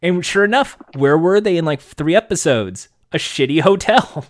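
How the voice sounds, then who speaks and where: A man's voice: a little high, expressive, moderate pace. A man co-hosting a casual podcast chat, ranting animatedly and swearing freely. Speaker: podcast co-host.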